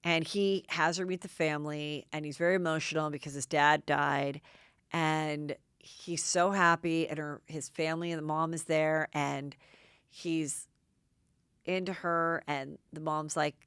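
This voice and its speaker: A middle-aged woman hosting a podcast, recapping gossip in an excitable, chatty way with lots of "like". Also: sits low, a little slow, smooth, no echo, studio quality. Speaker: podcast host. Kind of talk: casual gossip commentary.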